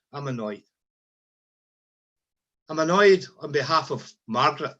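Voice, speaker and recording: A man's voice: fairly high pitch, bright, forceful tone. Fiery man rallying a crowd. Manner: fiery, repeats phrases and asks rhetorical questions. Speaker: nursing union speaker at a rally. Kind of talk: impassioned rally speech.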